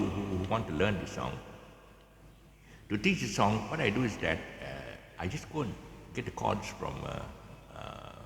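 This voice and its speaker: Outdoors, a guitar teacher with a Malaysian English accent rambles through a casual lesson in a very low voice with vocal fry and widely swinging pitch. He halts, restarts, uses lots of fillers and chuckles often, while a long echoey reverb rings over faint background ambience and slight noise.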